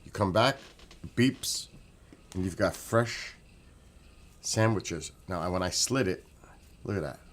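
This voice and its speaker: A man's voice: sits low, takes it slowly, long pauses, fairly bright tone. A man vlogging at home, chatting casually and enthusiastically, rambling and repeating himself. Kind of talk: casual chat.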